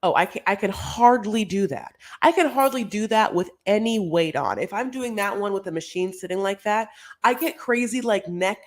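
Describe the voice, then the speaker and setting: With an animated, medium-pitched voice and gravelly vocal fry, a woman recaps a reality show at normal speed. She's casual and gossipy, leans on filler words, and calls listeners "honey," in a dry recording.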